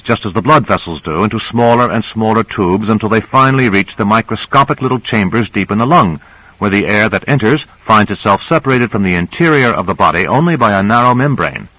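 A man's voice: on the low side, expressive, a little fast, bright, forceful tone, dry recording, low-quality recording. A man reading a novel aloud, voicing a young female assistant who explains things patiently. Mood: explaining.

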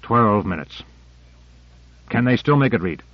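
A man's voice: mid-range voice, expressive, unhurried, dry recording, muffled recording. A man doing a grumbling, querulous general. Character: impatient, irritable older male general.

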